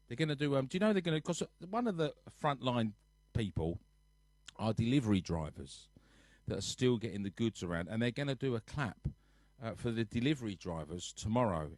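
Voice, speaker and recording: A man's voice: on the low side, expressive, fairly quick, a little mellow, dry recording. A man chatting casually to his live-stream audience from his sofa at home, rambling and reading viewer comments aloud. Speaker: live-stream host and musician.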